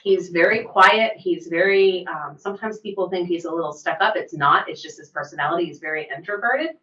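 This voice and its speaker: A middle-aged woman, a massage therapist and podcast co-host, telling stories in lively casual chat. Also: on the low side, a little fast. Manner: animated storyteller, laughs easily. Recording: roomy, distant, dull mic sound.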